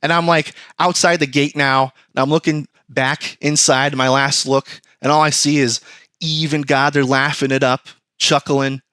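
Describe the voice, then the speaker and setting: A man's voice: fairly high pitch, level tone, normal speed, bright, forceful tone, smooth, dry recording. A man hosting a podcast, telling a rambling, profane, self-mocking comic story on a close mic. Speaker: podcast host. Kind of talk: comedic storytelling.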